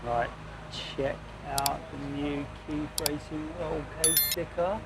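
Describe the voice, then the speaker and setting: A man's voice: fairly high pitch, steady tone, slow pace. Chatty guy, self-mocking, recorded on a handheld camera outside with lots of noise. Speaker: racing driver vlogger. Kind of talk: casual vlog chat. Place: outdoor race paddock.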